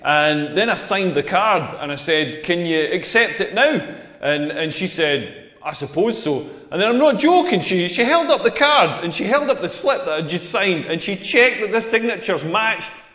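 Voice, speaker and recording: A man's voice: sits high, expressive, moderate pace, bright, forceful tone. A Scottish man doing a stand-up comedy set on a club stage, ranting through brash, rambling punchlines. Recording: echoey club hall reverb.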